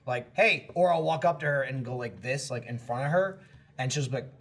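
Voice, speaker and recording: A man's voice: mid-range voice, fast talker, gravelly, crowd noise. A man on a podcast telling rambling, profane stories about home life in casual chat. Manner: swears freely, rambling anecdotes. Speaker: podcast regular. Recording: noisy podcast recording.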